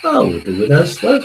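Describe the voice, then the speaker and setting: A man hosting a live tarot and spirit box session, talking haltingly, repeating words and often clearing his throat. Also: mid-range voice, a little mellow, poor audio.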